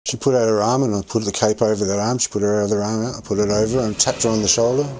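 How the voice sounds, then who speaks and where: A man's voice: fairly low pitch, fairly even intonation, fast talker, a little mellow, a little hiss or hum, poor audio. A man casually telling a rambling anecdote while playing a game, often correcting himself as he goes. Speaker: streamer telling stories while gaming.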